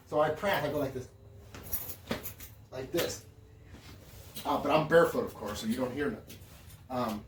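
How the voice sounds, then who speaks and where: A man casually telling a long profane story on a podcast, acting out what everyone said. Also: medium pitch. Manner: profane, animated storytelling with acted-out quotes. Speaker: podcast co-host. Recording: echoey room, distant mic, faint noise.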